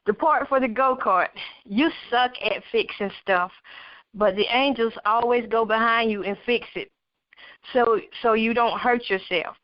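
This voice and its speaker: A woman's voice: fairly high pitch, measured pace, dry recording, close to an everyday voice. A woman reading the lines of a weak, coughing teenage girl who is dying and speaks serenely to reassure her parents. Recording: dull lo-fi recording.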